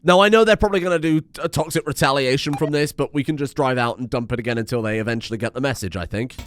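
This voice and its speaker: A young man giving casual, sweary let's-play commentary while playing a strategy game, animated and self-mocking, with sudden outbursts. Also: medium pitch, very fast, slight background noise. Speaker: gaming YouTuber.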